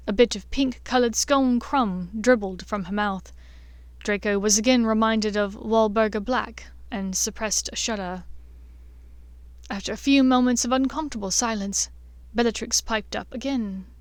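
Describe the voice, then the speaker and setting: A woman narrating a fan-fiction audiobook with a measured, expressive reading. Her voice sits fairly high. The recording is dry and close, with no room sound. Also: smooth, no echo.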